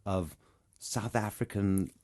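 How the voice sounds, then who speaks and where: A man's voice: lowish voice, slow, a little mellow. A man being interviewed as a guest voice actor, answering thoughtfully and reflectively about his craft.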